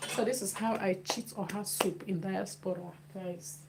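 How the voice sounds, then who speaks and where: A woman's voice: medium pitch, fairly even intonation, moderate pace, gravelly. A woman chatting through a cooking demonstration in her home kitchen, repeating phrases as she works. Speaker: cooking vlogger. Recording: noisy kitchen with clicks.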